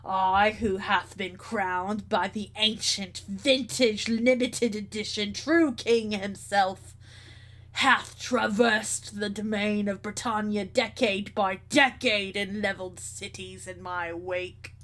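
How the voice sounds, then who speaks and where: A woman's voice: medium pitch, steady tone, fairly bright tone. Woman doing a pompous archaic king. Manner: slow, pompous, theatrical delivery. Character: grandiose male rival king, archaic speech.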